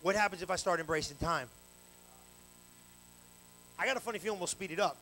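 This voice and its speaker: A male pastor preaching a live evening sermon in church on a handheld mic, animated and colloquial with call-and-response. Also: high-pitched, fairly quick, slight background noise, rough recording. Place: church sanctuary, live service. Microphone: handheld microphone.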